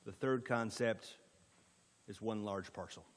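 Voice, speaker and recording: A man's voice: lowish voice, measured pace, long reverb tail. Man presenting at a county meeting. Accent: Indiana. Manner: structured, with frequent fillers. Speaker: economic development presenter.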